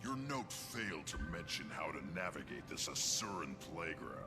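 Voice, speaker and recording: A gruff feline beast warrior in a video game, deep and gravelly. He grumbles sarcastically with swings in his voice over game music. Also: very animated, normal speed. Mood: grumpy.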